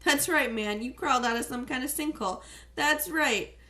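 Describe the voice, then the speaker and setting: Cocky teen boy bully read by a woman, loud mocking swagger, higher pitched, audiobook character. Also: normal speed. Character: cocky teenage boy soccer star, trash-talking bully.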